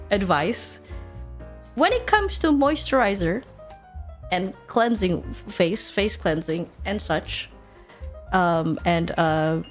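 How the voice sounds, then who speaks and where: A woman's voice: mid-range voice, animated, slow pace, long pauses, soft background music. A woman in her twenties, a streamer, chatting casually, swearing a lot and laughing often. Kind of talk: casual chat.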